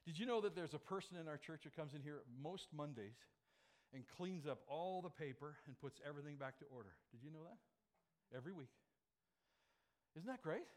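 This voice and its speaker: A man preaching to his congregation, his voice sitting a little high for a man. He jokes with the room and keeps bursting into loud, stressed phrases before he drops back to an easy chatty tone. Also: fairly quick. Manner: lively and joking, with sudden loud emphatic phrases. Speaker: pastor. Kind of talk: sermon.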